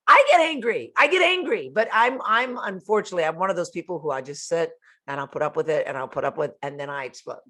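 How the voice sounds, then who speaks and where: A woman's voice: lowish voice, animated, fast talker, pushed and bright. Blunt, candid woman self-help host. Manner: blunt, candid, profane, addresses listeners directly. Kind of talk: motivational self-help talk.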